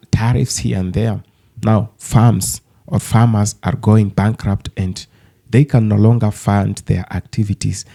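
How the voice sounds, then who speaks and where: Deep gravelly man hosting commentary. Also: dark tone. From Africa. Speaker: channel host. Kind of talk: scripted commentary.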